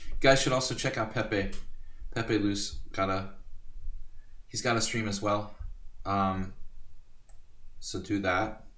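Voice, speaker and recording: A man from Hungary chats casually through a live blitz chess stream, rambling to viewers between moves. He pokes fun at himself as he goes. His voice sits low, and the sound comes from a distant mic with a roomy echo. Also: steady tone, slow, long pauses, a bit bright. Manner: chatty, self-deprecating, rambling asides to chat.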